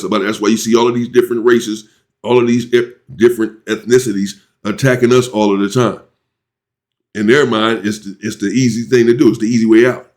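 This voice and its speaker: A man hosting his own channel, giving heated opinion commentary and reacting indignantly to a clip, his voice climbing high when he gets worked up. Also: a little mellow. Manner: indignant, rising sharply in pitch when worked up.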